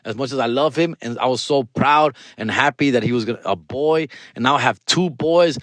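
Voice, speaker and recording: A man in his forties, a podcast host with a Californian accent, telling a self-mocking story in an animated, slangy way. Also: medium pitch, fairly quick, dry recording. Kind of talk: casual comedic monologue.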